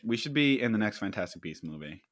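A young man co-hosting a podcast, animated and laughing often. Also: lowish voice, quick pace, dry recording. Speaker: podcast co-host. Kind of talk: casual chat.

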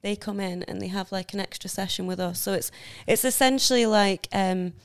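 A woman's voice: mid-range voice, a little fast, clear, resonant tone. Earnest woman, hesitant chat. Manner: earnest, hesitant, with many ums. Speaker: university student and school volunteer. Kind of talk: casual chat.

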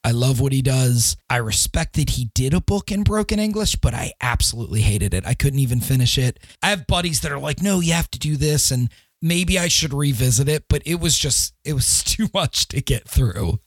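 A man's voice: medium pitch, lively intonation, fairly quick, no room sound. A man co-hosting a podcast, talking emphatically about books and laughing often. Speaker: podcast co-host. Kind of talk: casual book discussion.

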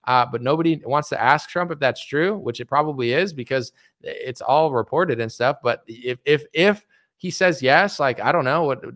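A man's voice: high voice, a bit bright. A young man, a political commentator and podcast host, ranting in a combative, mocking monologue. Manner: combative, mocking, fast and blunt. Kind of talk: heated monologue rant.

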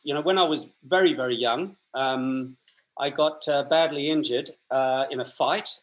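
A man's voice: mid-range voice, normal speed. An Australian man, a podcast guest, telling long rambling stories in a chatty way with frequent laughs. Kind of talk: anecdotal storytelling.

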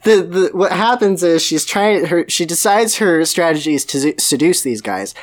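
A podcast host recapping a novel in casual chat, animated and laughing often. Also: medium pitch, normal speed. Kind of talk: casual comedic book recap.

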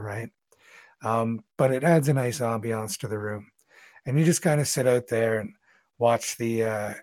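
A man's voice: medium pitch, darkish tone, no echo. A man narrating a tabletop game as game master in a loose, descriptive way.

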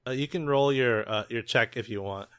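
A man running a tabletop role-playing game, calm and matter-of-fact. He narrates scenes and asks for dice rolls in an easy, casual way. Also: medium pitch, moderate pace, clear, resonant tone. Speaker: game master.

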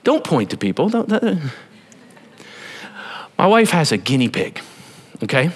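A man preaching a sermon to a church congregation, animated and playful, talking straight to the people in front of him. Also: a little high, unhurried, breathy edge. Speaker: pastor.

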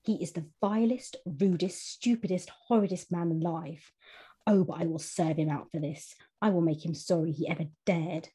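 A woman's voice: lowish voice, moderate pace, mellow, slightly rough. A woman voicing a furious, spirited young woman while reading aloud from a novel. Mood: enraged.

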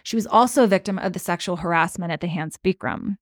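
A woman's voice: on the low side, fast, no room sound, studio quality. A woman co-hosting a podcast, telling a story in casual chat and acting out the quotes with lots of "like.". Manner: animated, acts out quotes with lots of "like". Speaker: podcast co-host.

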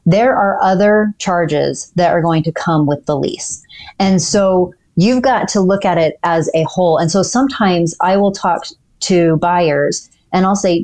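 Low-voiced woman lawyer explaining leases. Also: measured pace, darkish tone. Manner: clear, methodical explaining with occasional fillers. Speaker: dental practice lawyer, guest. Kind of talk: podcast interview, explaining.

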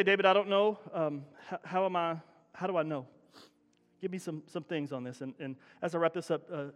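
Talking to his congregation in a neighborly, conversational way, a middle-aged male pastor with a high voice works up to loud, emphatic peaks in his sermon. The recording carries the long reverberation of a church sanctuary.

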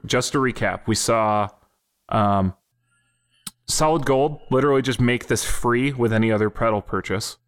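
A male podcast host in casual chat, steering topics and recapping news in a measured, mid-pitched voice.

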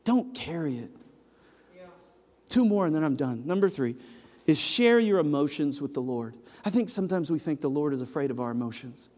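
High-voiced preacher in a reverberant hall. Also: male voice, animated, moderate pace. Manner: swings from loud emphatic to low hushed delivery. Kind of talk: sermon.

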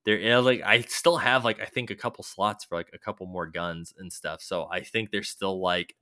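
A man's voice: sits low, fairly even intonation, normal speed, sharp tone, clear, resonant tone, no echo, clean studio sound. A man casually rambling about a video game, loose and swearing now and then, with many fillers.

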